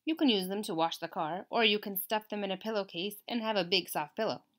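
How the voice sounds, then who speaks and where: A woman voicing a helpful homemade talking machine in a children's storybook, calmly listing answers. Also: mid-range voice, a little fast, natural voice.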